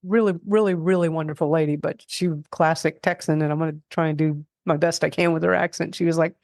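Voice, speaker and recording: A middle-aged woman talking casually as a guest, animated and rambling with many restarts. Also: low voice, fast, dry recording, studio quality. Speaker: guest expert on food self-reliance. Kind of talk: casual interview talk.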